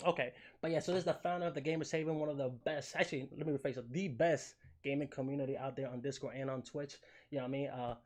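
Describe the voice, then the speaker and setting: A young man hosting a casual gaming podcast, animated and joking, swearing freely and full of fillers. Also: medium pitch, quick pace. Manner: animated, joking, swears a lot, fillers like "you know what I'm saying". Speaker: podcast host. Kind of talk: casual chat.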